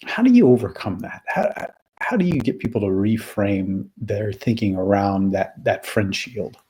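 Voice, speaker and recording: A man hosts a podcast interview, with a husky, mellow voice that sits fairly low. He talks casually and hesitantly, with plenty of fillers. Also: expressive, moderate pace. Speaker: podcast host.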